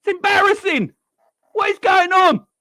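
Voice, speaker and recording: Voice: very high voice, expressive, moderate pace, bright, forceful tone, no room sound. Sweary, exasperated football fan. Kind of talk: angry fan rant.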